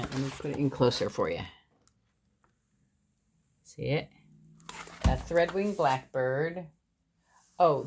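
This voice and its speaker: Slow, expressive woman reading a picture book. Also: sits low, a little hiss or hum. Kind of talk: children's read-aloud.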